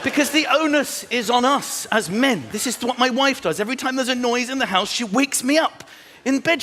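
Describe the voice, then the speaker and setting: A man doing a stand-up comedy routine, animated, slipping into other voices and shouting punchlines. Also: very high-pitched, moderate pace. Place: large venue with a live audience. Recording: echoey live hall with loud crowd laughter.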